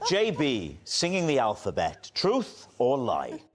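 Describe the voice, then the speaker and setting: A man's voice: medium pitch, wildly swooping pitch, slow pace. A man hosting a comic panel show, teasing the panel in a playful way. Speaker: game show host. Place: TV studio with live audience. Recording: studio with loud audience laughter.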